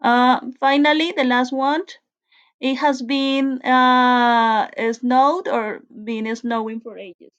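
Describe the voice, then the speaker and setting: A woman's voice: fairly high pitch, fairly even intonation, slow. A woman whose first language is Spanish, teaching an English grammar lesson and explaining step by step with frequent self-corrections.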